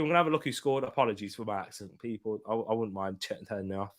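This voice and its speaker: A young man hosting a live football watchalong, chatting casually and bursting into loud excited shouts at big moments. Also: lowish voice, very fast, few pauses. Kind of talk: live match commentary and chat.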